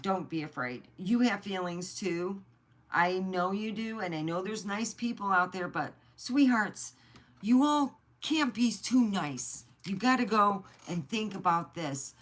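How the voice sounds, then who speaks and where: A woman's voice: on the low side, a bit bright. A middle-aged woman from the United States telling personal stories in a blunt, chatty way and swearing freely. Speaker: vlogger. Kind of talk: casual storytelling.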